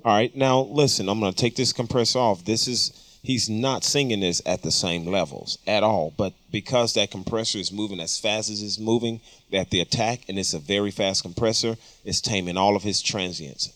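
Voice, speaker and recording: Male studio instructor, low voice, casual explainer, dry close sound. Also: normal speed, hardly any pauses, fairly bright tone, no room sound. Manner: explanatory, casual, with frequent ums. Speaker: audio engineering instructor. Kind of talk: studio tutorial talk. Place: recording studio.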